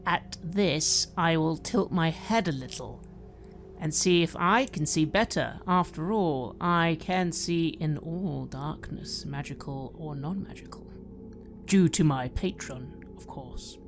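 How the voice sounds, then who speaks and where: A woman's voice: sits low, slow pace, faint music behind. A woman playing in a tabletop game, speaking in character in a poised, slightly wry way. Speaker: player.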